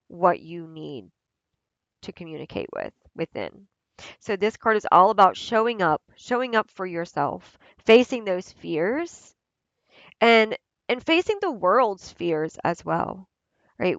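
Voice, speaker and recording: A woman's voice: medium pitch, no echo, lo-fi sound. A woman giving an oracle card reading in an earnest, repetitive way, often checking in with "right?". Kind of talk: spiritual guidance reading.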